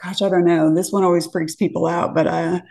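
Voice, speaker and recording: A woman's voice: fairly low pitch, level tone, fairly quick, creaky, warm tone. A woman from California, a podcast guest, telling a dating story casually, acting out quotes and swearing freely.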